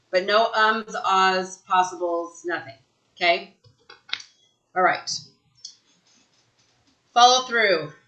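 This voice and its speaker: Bright-voiced, emphatic woman trainer. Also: mid-range voice, reverberant, poor audio. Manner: emphatic, energetic, tags lines with "right?". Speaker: real estate sales trainer. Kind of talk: live online training talk.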